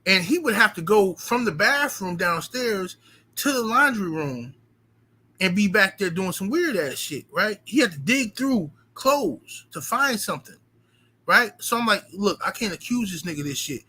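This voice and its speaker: A man streamer telling a long story to his viewers in a casual, animated, emphatic way, with lots of profanity. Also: high-pitched, a little slow, low-quality recording.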